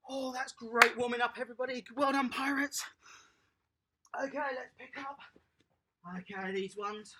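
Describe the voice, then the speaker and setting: A toddler tennis coach leading a lively online lesson for small children, upbeat and encouraging, praising each child by name. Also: medium pitch, normal speed, long pauses, background noise.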